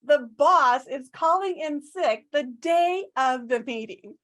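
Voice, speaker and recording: A woman giving a humorous storytelling speech at a club, animated and self-mocking, often asking the audience questions. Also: high-pitched, takes it slowly. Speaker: club speaker.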